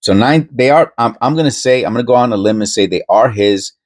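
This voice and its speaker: A man's voice: mid-range voice, fairly quick, darkish tone. A man hosting a coin-hunting channel, talking casually and rambling with many restarts and self-interruptions. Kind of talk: casual commentary to camera.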